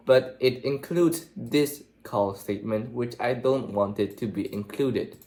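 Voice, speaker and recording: Man reading code aloud while typing. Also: lowish voice. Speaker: programming tutor. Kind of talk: screen-recorded coding tutorial. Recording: echoey room with faint typing noise. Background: keyboard typing.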